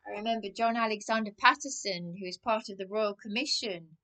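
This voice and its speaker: A middle-aged woman from England, delivering a rambling rant to camera, halting with many restarts and dropping into hushed asides. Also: mid-range voice. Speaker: vlogger.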